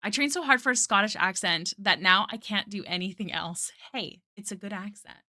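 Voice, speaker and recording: A woman's voice: medium pitch, normal speed, pushed and bright. A woman streaming her drawing live, chatting casually and answering her chat with lots of "like" fillers. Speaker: art streamer.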